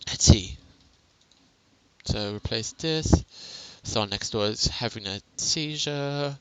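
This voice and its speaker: A man with a quiet voice talking through a casual game tutorial on a headset mic, chatty and self-mocking, laughing often. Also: medium pitch, takes it slowly, clean tone, low-quality recording. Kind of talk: casual gameplay tutorial commentary.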